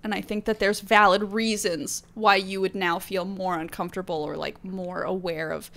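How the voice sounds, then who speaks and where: A woman co-hosting a podcast in casual chat, teasing and quick to chime in. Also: medium pitch, steady tone, creaky, a bit bright. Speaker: podcast co-host.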